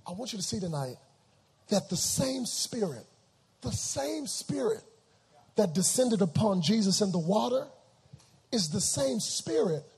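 High husky preacher man in his 30s, big call and response, sermon in a church. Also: sing-song, a little slow, pauses often. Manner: dramatic, call-and-response preaching, swings from hushed to shouting. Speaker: pastor. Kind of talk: live sermon.

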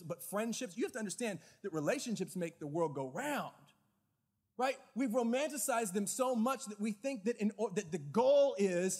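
A man preaching a sermon as pastor, with animated, lively storytelling in quick bursts. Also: sits high, big-room sound. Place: church hall.

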